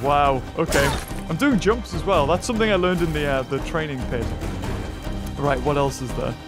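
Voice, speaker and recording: A man hosting a let's play, chatting excitably and talking to the creatures on screen. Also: fairly high pitch, normal speed, music in the background. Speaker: gaming channel host.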